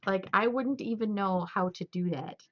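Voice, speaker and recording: A young woman streamer chatting loosely and laughing as she tells stories. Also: mid-range voice. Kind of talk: casual chat. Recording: dull lo-fi stream audio.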